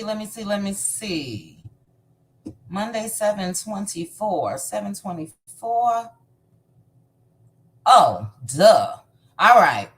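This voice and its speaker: A woman's voice: medium pitch, darkish tone. A woman hosting a casual live stream, greeting viewers one by one by name in a chatty, upbeat way. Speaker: livestream host.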